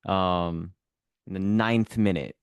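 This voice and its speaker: A man with a fairly low voice co-hosts a casual football podcast, teasing and joking as he goes. The recording is dry and close, with little room sound. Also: steady tone, takes it slowly, clear, resonant tone, dry recording. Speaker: podcast co-host.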